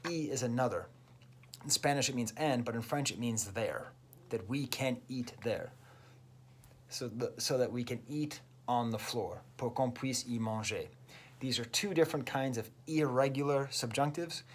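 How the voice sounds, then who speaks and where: A man's voice: medium pitch, moderate pace, a little hiss or hum. A man, a French teacher, enthusiastically explaining song lyrics step by step in a casual video lesson. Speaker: French teacher and music reviewer.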